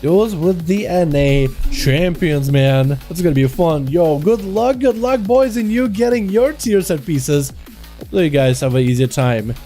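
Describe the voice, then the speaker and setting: Excitable high-voiced man commentating duels. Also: normal speed, faint music behind. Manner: excitable, chatty, talks to chat. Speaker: streamer and duel commentator. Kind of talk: live game commentary.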